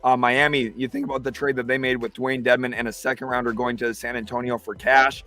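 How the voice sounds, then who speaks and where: A man's voice: mid-range voice, fast, faint music behind. A man hosting a live basketball talk stream, reading viewer comments and breaking down trades. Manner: excitable, reads chat comments aloud. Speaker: livestream host.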